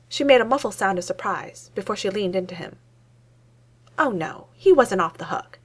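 A woman reading a fan-fiction story aloud as narrator, in an expressive, lively way. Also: mid-range voice, moderate pace, breathy edge.

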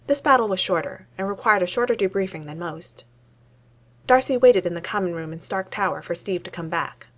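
A woman narrates a romance story aloud, expressive and lively. Her voice sits at an ordinary middle pitch for a woman. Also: a little fast. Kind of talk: reading fan fiction aloud.

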